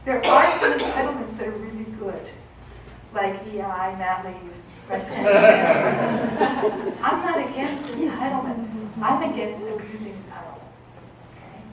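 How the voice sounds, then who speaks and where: Speaking from a distance in an echoey conference hall, this Bostonian woman delivers an emphatic lecture, repeatedly checking in with "okay?" Her medium pitch carries lively intonation at a measured pace, and the background is noisy.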